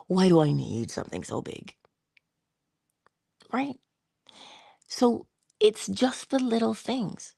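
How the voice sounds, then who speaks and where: A middle-aged woman hosting a casual motivational talk, telling personal stories with laughter and hushed asides. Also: on the low side, creaky, dry recording, clean studio sound. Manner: animated storytelling, laughs often, drops into hushed asides. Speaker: channel host.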